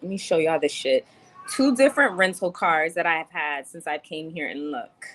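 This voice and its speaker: A woman's voice: sits low, animated, moderate pace, a bit bright, poor audio. A young adult woman venting in a casual livestream, chatty and swearing as she reads chat comments. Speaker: vlogger on a livestream.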